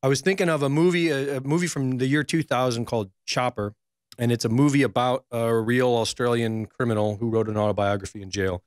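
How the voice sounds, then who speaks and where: A man, a reporter, talking in a measured, hesitant way during a casual political chat. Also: medium pitch, steady tone, no echo, clean studio sound.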